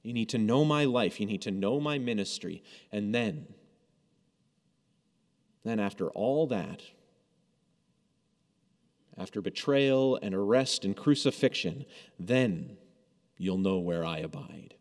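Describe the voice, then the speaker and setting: Animated preacher man in a reverberant hall. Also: fairly low pitch, takes it slowly, long pauses. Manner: conversational, animated storytelling with acted quotes. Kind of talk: sermon.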